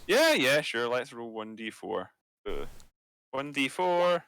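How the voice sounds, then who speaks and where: A man's voice: mid-range voice, sing-song, takes it slowly, vocal fry, a bit bright. A man playing a tabletop game who thinks aloud hesitantly, with many fillers. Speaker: player.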